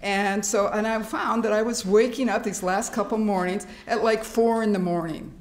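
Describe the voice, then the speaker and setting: A middle-aged woman giving a workshop talk to a live audience, animated and laughing often as she acts out fearful thoughts. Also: medium pitch, moderate pace. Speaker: workshop speaker. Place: hospital meeting room. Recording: echoey room.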